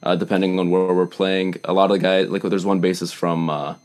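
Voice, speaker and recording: A man's voice: sits low, brisk. A young man from Canada, a musician being interviewed, chatting casually and acting out quotes with animation. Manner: animated storyteller, acts out quotes. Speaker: musician guest.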